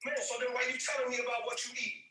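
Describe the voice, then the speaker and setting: A man's voice: very high-pitched, monotone, very fast, pushed and bright, reverberant, recorded from a distance, poor audio. A man hosting a live stream, preaching loosely and emphatically to listeners, using street slang and calling them man and brother.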